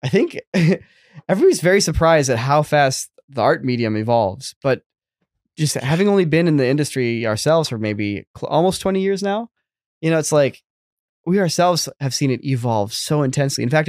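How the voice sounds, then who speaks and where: A man's voice: medium pitch, animated, brisk, a little mellow, no room sound, clean studio sound. A man in his thirties co-hosting a casual podcast chat, rambling with lots of fillers and restarts. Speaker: podcast co-host.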